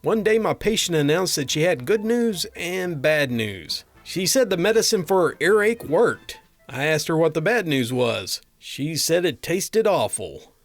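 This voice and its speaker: A man with a slightly high, sing-song voice reads aloud a string of funny doctor-and-patient anecdotes at a measured pace. His comic delivery is dry, and soft music plays in the background.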